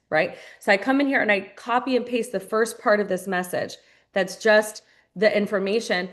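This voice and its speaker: A woman's voice: medium pitch, a little fast, fairly bright tone. A woman leading a live online training for new team members, upbeat and direct, talking to her listeners as "you guys" and repeating phrases for emphasis.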